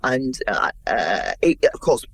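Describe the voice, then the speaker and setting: A woman in her sixties, a guest in an interview, telling anecdotes in a lively way and acting out what others said. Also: very deep voice, slow, slightly rough. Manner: lively anecdotal storyteller, acts out quotes. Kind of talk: interview storytelling.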